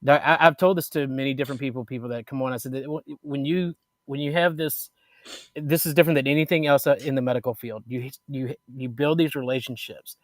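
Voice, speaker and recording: A man talking on a casual show in a reflective, halting way, often restarting his sentences. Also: mid-range voice, steady tone, no echo. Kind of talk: casual podcast talk.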